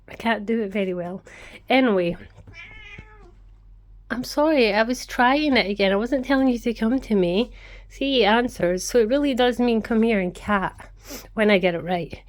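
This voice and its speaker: A woman's voice: mid-range voice, normal speed. Chatty woman vlogging her craft studio. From Scotland. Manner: rambling, chatty, talks to her pets. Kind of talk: casual chatty vlog.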